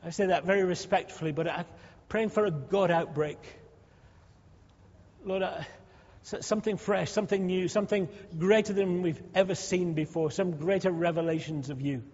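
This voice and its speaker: A man leads his congregation in prayer, stacking fervent, repeated requests. His voice sits high. The sound is dull and hangs in a long church-hall reverb. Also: normal speed, a little mellow. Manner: fervent, repetitive, rising pleas. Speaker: pastor.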